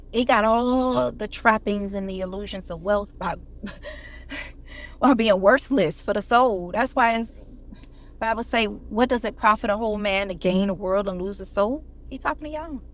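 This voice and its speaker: A woman delivers a casual motivational talk straight to her viewers. She speaks in a preachy, conversational way, quoting scripture and calling her audience "y'all." Her pitch sits in an ordinary middle range. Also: slight background noise. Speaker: online commentator.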